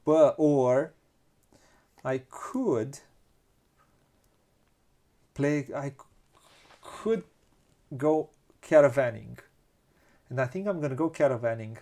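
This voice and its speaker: Slow, thinking-aloud Romanian-accented man. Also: mid-range voice, animated, dark tone. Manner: thinks aloud, counts pieces, many restarts. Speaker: board game channel host. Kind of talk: casual board game playthrough.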